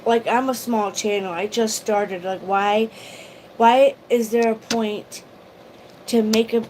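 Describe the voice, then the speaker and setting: A woman's voice: fairly high pitch, fairly even intonation, takes it slowly, a little mellow, slight background noise, poor audio. A woman vlogger chatting casually on a livestream, rambling emotionally and greeting viewers by name. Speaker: YouTube vlogger.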